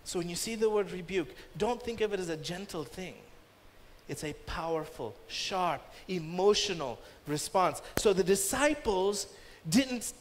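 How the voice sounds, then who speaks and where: A man's voice: sits high, lively intonation, measured pace, slight background noise. A man preaching a sermon as pastor, emphatic and rising sharply when he voices commands. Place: church. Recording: long reverb of a church hall.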